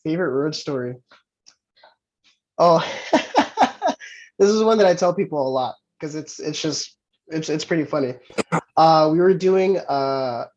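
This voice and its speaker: A pro wrestler from Southern California, his voice on the high side, tells a story as a guest in a casual chat. He's animated, laughs a lot, and keeps restarting sentences, all captured in muffled, lo-fi audio.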